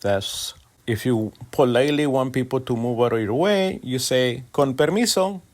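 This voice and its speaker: A man from Mexico giving a language lesson, with slow and deliberate delivery and a rising lilt on the example phrases. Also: medium pitch, darkish tone. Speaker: Spanish teacher.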